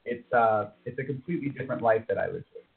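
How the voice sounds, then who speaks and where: A man's voice: mid-range voice, fast, gravelly, breathy edge. A man from New York City, a wellness practitioner guest, telling stories animatedly with plenty of "you know" fillers over a computer mic. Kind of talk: casual interview talk. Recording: phone-like computer call.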